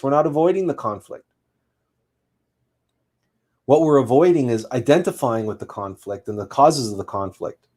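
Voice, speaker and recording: A man's voice: medium pitch, dark tone. Earnest man giving a spiritual talk. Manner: earnest, emphatic, repeats and restarts phrases. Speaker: host.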